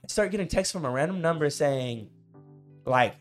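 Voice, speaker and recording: Young male podcast co-host, lively casual storyteller, fairly high voice, soft music bed. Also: moderate pace. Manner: animated, laughs often, says "bro" and "I was like".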